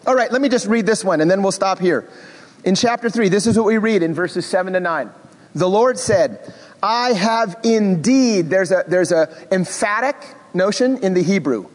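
A high-voiced, middle-aged man leads a Bible class with lively, expressive energy. He slips in self-deprecating asides as he goes. The sound has a long hall reverb. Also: moderate pace. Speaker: Bible teacher.

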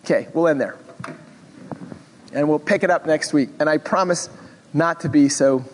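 A high-voiced, middle-aged man leads a Bible class with lively, expressive energy. He slips in self-deprecating asides as he goes. The sound has a long hall reverb. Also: moderate pace, a little hiss or hum. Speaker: Bible teacher.

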